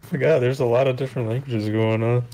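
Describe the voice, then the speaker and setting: A man chatting casually on a stream, relaxed and laughing, his talk full of fillers. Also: mid-range voice, fast talker. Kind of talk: casual chat.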